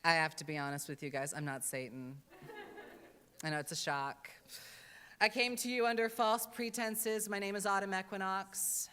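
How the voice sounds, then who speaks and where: A woman's voice: medium pitch, normal speed, a bit bright, clear, resonant tone. A woman drag entertainer giving a wry, earnest address with comic asides at a church service. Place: church sanctuary. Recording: reverberant church hall.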